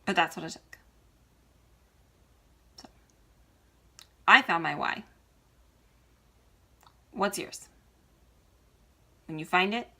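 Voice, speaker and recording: A woman's voice: fairly low pitch, gravelly, pushed and bright. A woman talking earnestly and emotionally to her viewers, encouraging them in a heartfelt vlog. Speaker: vlogger. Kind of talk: heartfelt motivational vlog talk.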